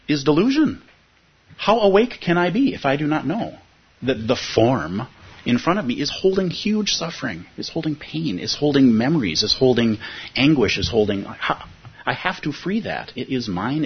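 A man giving a reflective dharma talk as a Buddhist teacher, earnest, with pauses and fillers. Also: medium pitch, slightly rough. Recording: dull lo-fi recording with faint hiss.

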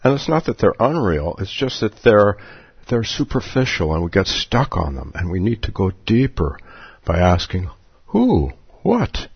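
A man's voice: sits low, expressive, normal speed, slightly rough, no room sound. A man giving a dharma talk as a Zen meditation teacher at a retreat, playful, chuckling often and repeating his questions. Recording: dull lo-fi recording.

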